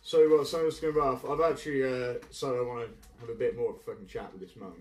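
A chatty man at a tabletop game who talks quickly and swears casually. The sound is roomy and distant. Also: mid-range voice, fairly even intonation. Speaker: player.

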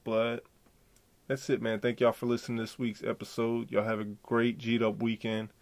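A man's voice: medium pitch, little pitch movement, normal speed, darkish tone. A man hosting his own podcast solo, talking in a profane, slangy, rambling way. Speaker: podcast host. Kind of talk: solo casual podcast commentary.

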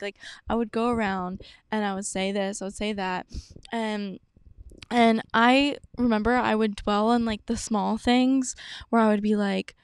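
A woman's voice: on the high side, moderate pace, smooth, no room sound. Chatty young woman podcast host. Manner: chatty, peppered with "like" and "um"; acts out her own past thoughts in quoted asides. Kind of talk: casual chat.

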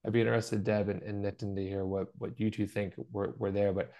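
A middle-aged man with a fairly low voice talks in an open, earnest way on a podcast. He tells stories from his own life and acts out what other people said to him. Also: level tone, a little fast, dark tone. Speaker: podcast co-host. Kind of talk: conversational podcast chat.

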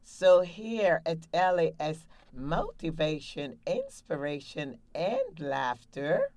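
A woman with a low voice leads a guided laughter exercise, talking slowly and upbeat, cheering her listeners along. She speaks close to a studio mic with a dry sound and no room echo. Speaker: laughter yoga coach and show host.

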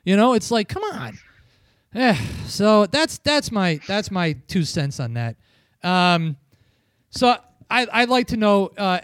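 A man's voice: sits high, clear, resonant tone, dry recording, studio quality. A man from New England ranting profanely as a podcast host in a casual wrestling review chat.

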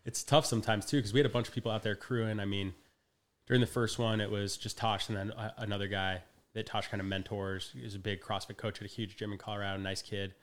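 A man's voice: on the low side, level tone, fast talker. A young adult man, a guest in a casual podcast conversation, who tells a story with energy, acts out quotes and laughs often.

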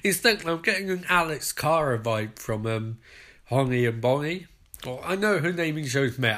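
A British man hosting a podcast, giving an excitable, sarcastic, sweary running commentary on a show. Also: medium pitch, moderate pace. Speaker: podcast host.

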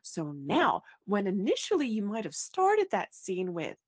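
A woman hosting a casual podcast chat, lively and animated, leaping up and down in pitch as she acts out what she means. Her voice is a little husky and breathy, recorded close and dry with no room sound. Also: unhurried, no echo. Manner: animated, often acts out lines with big swings in voice. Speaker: podcast host. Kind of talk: casual chat recapping a soap opera.

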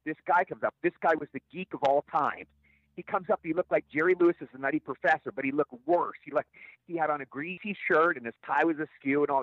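A middle-aged man, an actor guest, telling stories in an interview in a rapid, stammering way with repeated words. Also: a little high, fairly bright tone, no room sound. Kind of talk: storytelling interview answers. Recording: tinny phone line, dry.

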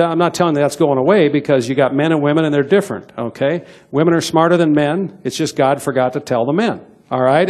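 Gravelly, folksy older man speaker. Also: on the high side, a little mellow. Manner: folksy, emphatic, repeats "okay?". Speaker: motivational business speaker. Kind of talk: live seminar talk. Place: event hall with live audience.

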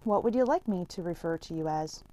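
A woman reading the part of a calm, formal male mentor who speaks stiffly and evasively. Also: on the low side, a little fast, natural voice.

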